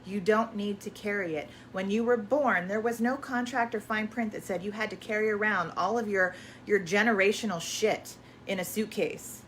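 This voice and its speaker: A woman's voice: mid-range voice, steady tone, moderate pace, hardly any pauses, slight background noise. A woman spiritual energy coach in casual promotional chat, effusive and affirming, often repeating herself and using uplifting self-help language.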